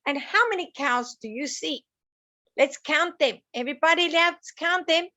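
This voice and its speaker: A woman's voice: high voice, normal speed, pushed and bright. A woman teaching a lesson to young children, sing-song and coaxing, asking them questions as she goes.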